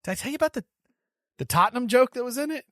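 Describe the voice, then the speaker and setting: Animated, excitable podcast host man. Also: very high-pitched, very fast, no echo, studio quality. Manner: animated storyteller, repeats words while thinking. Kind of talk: casual chat.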